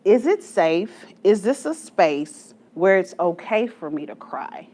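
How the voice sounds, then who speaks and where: A woman's voice: medium pitch, very animated, takes it slowly, a little mellow. A woman in her forties leading a church study group, telling stories with self-mocking humor and frequent laughter. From Texas, USA. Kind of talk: storytelling talk to a group.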